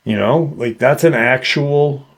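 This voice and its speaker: Slow, rambling male storyteller. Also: mid-range voice. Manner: rambling, hesitant, lots of fillers. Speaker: podcast host. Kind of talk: casual paranormal storytelling.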